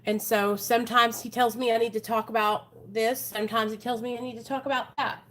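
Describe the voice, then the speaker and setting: A woman's voice: fairly high pitch, level tone, fairly quick, fairly bright tone. Frank woman hosting a recovery livestream. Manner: frank and earnest, often addresses viewers as "you guys". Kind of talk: casual live-stream talk to viewers. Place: at home.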